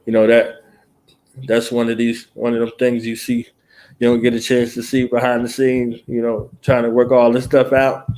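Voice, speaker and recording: A man hosting a radio talk show, chatting in a laid-back, slang-heavy way and telling animated stories. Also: moderate pace. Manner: animated storyteller who mimics callers in a higher, louder voice. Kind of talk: casual chat.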